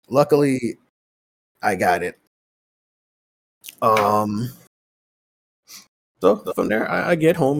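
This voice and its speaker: This man has a creaky, mid-range voice. Hosting a podcast, he spins a lengthy, profanity-laced tale in relaxed conversation, playing every part of the dialogues himself.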